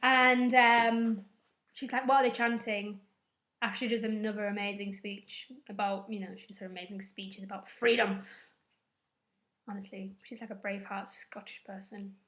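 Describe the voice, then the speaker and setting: Young female vlogger, slightly high voice, chatty and rambling recap delivery. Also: fairly bright tone. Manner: rambling, chatty, casual swearing. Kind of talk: casual episode recap.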